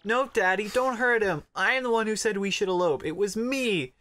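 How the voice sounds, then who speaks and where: A man's voice: high-pitched, moderate pace, sharp tone, dry recording, pitched above the performer's own voice. A man voicing a headstrong young mafia daughter, whiny and pleading.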